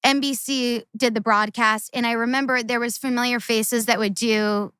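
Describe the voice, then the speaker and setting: A woman's voice: a little high, steady tone, normal speed, a bit bright, smooth, dry recording. Earnest woman telling stories. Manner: earnest, tumbling storytelling with repeated phrases. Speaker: guest, former Olympic gymnast. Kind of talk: casual chat.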